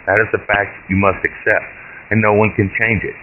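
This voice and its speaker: A man's voice: lowish voice, flat delivery, normal speed, pitched above the performer's own voice, natural voice. A man voicing a frail, foul-mouthed, bossy old great-grandmother in a short story, speaking bluntly and commandingly. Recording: tinny phone-like line with hiss.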